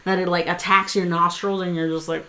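A woman's voice: lowish voice, brisk. A woman co-hosting a podcast, telling a rambling story full of quoted dialogue and casual swearing. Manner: rambling, animated retelling with quoted asides and swearing. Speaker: podcast co-host.

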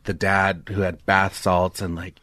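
A man chatting casually, tossing in jokes and quick remarks. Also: low voice, dry recording, clean studio sound. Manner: joking, lively interjections. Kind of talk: casual chat.

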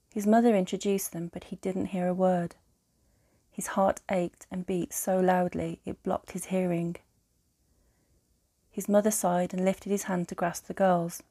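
A woman co-host narrating a romantic fairytale story in a calm, gentle, hushed way, soft and breathy in places. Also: fairly low pitch, no room sound.

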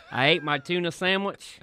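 A man's voice: sits high, measured pace, bright, forceful tone, slight background noise. A man co-hosting a podcast in casual chat, joking and laughing often from a studio. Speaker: podcast co-host.

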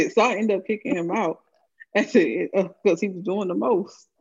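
In an unhurried, husky, medium-pitched voice, a woman from the American South spins a story in casual conversation, cursing freely and laughing a lot. Her animated telling is captured on dull, lo-fi sound.

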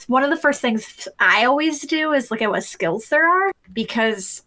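Bright-voiced woman co-hosting a podcast. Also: high voice, lively intonation, moderate pace. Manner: chatty, explains step by step. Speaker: podcast co-host. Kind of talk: casual podcast chat about roleplay.

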